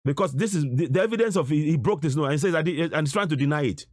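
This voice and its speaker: Middle-aged male activist, insistent and repetitive, pitched-up and very expressive. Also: fast talker, no room sound, clean studio sound. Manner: insistent, repeats "you see?", indignant. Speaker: activist commentator. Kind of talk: commentary over video footage.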